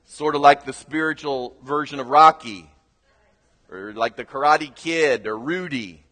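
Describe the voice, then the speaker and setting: A man preaching a sermon as pastor, telling a story earnestly and building to loud exhortation. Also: on the high side, measured pace, in a large hall.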